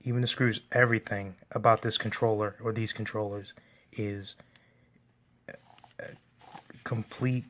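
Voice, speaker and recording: A man's voice: on the low side, little pitch movement, unhurried, long pauses, fairly bright tone. A man hosting a gaming channel, giving casual, enthusiastic unboxing commentary at home. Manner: enthusiastic, gushing.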